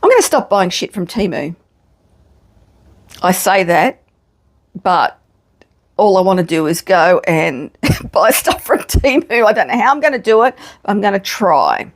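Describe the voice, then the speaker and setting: Woman, middle-aged, casual vlog chat, swears freely, animated pitch. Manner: frank, self-mocking, swears casually. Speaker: vlogger.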